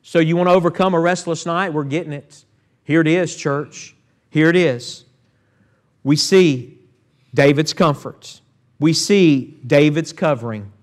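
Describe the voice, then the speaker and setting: Pastor, male, slightly high voice, preaching a midweek sermon with calls to the church. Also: unhurried. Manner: preaching with call-outs to the church and Scripture readings. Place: church sanctuary.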